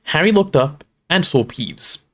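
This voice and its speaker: A man reading a storybook aloud to a livestream audience in an expressive, relaxed storytelling manner. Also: a little high, unhurried. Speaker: streamer reading aloud to chat.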